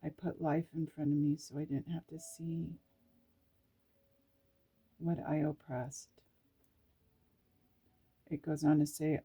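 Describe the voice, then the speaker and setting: Slow low-toned woman reading scripture. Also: little pitch movement, dark tone, breathy edge. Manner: emotional, exclamatory, reads scripture aloud and reacts. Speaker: spiritual vlogger. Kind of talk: reflective spiritual reading.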